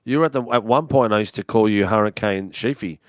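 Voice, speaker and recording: A man's voice: lowish voice, no echo. A man hosting a race broadcast, interviewing drivers in a chatty, matey way. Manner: chatty, matey, drawn-out phrasing. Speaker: broadcast host. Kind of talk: casual post-race interview.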